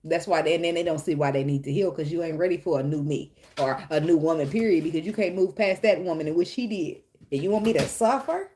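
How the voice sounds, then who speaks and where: A woman's voice: low voice, fast, mellow, slight background noise. A woman giving a casual tarot reading, blunt and profane, who laughs often and talks straight to the viewer. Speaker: tarot reader.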